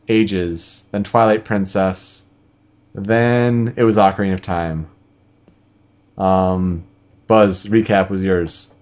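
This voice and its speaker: A man's voice: lowish voice, darkish tone. Joking man hosting a podcast. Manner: joking, laughs often. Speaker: podcast host. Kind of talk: casual gaming podcast chat. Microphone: video call.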